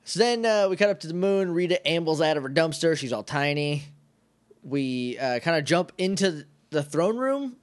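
Animated, jokey podcast co-host man. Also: on the high side, normal speed. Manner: animated, jokey, acts out characters in quotes. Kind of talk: casual chat recapping an episode.

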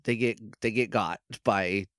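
A man's voice: fairly low pitch, measured pace, fairly bright tone, no echo, clean studio sound. A man co-hosting a podcast, casually recapping an episode, rambling and laughing as he acts out the characters' lines. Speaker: podcast co-host.

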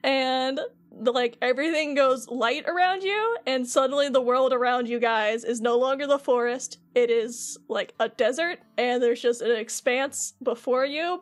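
A woman's voice: high-pitched, normal speed. A woman narrating as game master of a tabletop role-play, describing scenes casually with lots of fillers.

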